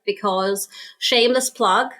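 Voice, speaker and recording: A woman's voice: mid-range voice, measured pace, fairly bright tone. Enthusiastic chatty woman. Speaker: podcast guest. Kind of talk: casual panel chat.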